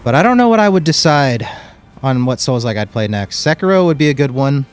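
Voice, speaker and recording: A young man talks through a live game stream in a relaxed, blunt way, throwing in dude and bro as he plays. His pitch sits in an ordinary middle range. Soft game music runs underneath. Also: a little fast, clean tone. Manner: casual and blunt, calls people dude and bro. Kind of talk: live gameplay commentary with chat.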